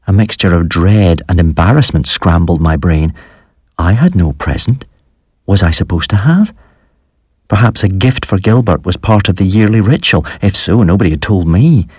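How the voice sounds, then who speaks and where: A man narrating a horror story in the first person, in a measured, dramatic storytelling manner. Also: sits low, a little mellow, slightly rough, dry recording, clean studio sound.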